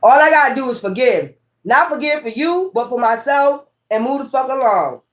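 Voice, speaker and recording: A woman's voice: high-pitched, expressive, moderate pace. Blunt, profane woman tarot reader. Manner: repetitive, talks straight to viewers. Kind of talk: casual tarot reading chat.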